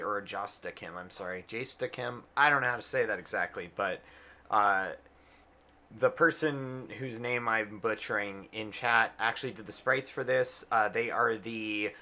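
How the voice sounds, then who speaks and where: A man's voice: lowish voice, bright, forceful tone. A man, the game's director and writer, chatting casually on a livestream, rambling with lots of fillers and laughs.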